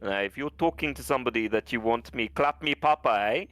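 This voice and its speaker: A man's voice: medium pitch, fairly bright tone, no echo, natural voice. A man putting on a South African accent as a crude, swaggering bloke on a game stream, tacking "eh?" and "my man" onto his lines. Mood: teasing crude. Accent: put-on South African. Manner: bawdy, teasing, drawn-out tags like "eh?" and "my man".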